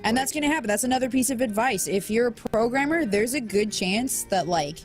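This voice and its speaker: A woman co-hosting a casual podcast, telling work stories with lively acted-out quotes. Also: a little high, brisk, soft background music. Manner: animated storytelling with acted-out quotes. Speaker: podcast co-host, game programmer.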